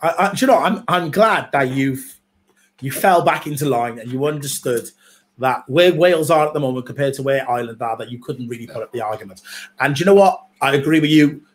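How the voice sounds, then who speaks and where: A man co-hosting a live football watchalong in a chatty, easygoing way. He reads viewer comments aloud and weighs in on them. His voice sits at a middling pitch. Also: brisk. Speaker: co-host. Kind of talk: casual football watchalong chat.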